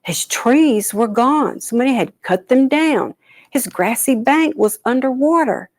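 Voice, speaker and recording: Woman folktale teller, gravelly texture, close dry recording. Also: sits high, no echo. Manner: animated, dramatic pauses, soft whispered asides. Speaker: storyteller. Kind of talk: traditional folktale telling.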